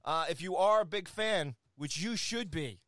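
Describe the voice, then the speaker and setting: An energetic man rattles through soccer scores in a casual talk show segment, full of fillers and playful jabs at his co-host. His voice sounds smooth and resonant, recorded close and dry with no room around it. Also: sits high, normal speed, no room sound.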